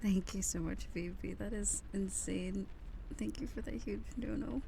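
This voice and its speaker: A woman streaming soft-spoken ASMR, chatting with viewers in a soft, giggly voice that drifts into whispers. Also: medium pitch, fairly even intonation, measured pace, creaky, slight background noise.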